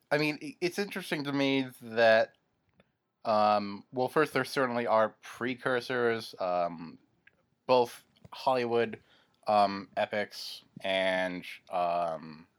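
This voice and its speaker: A man co-hosting a casual podcast, speaking in a thoughtful, hesitant way with many "um"s. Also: fairly low pitch. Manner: slow, thoughtful, hesitant with fillers. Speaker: podcast co-host.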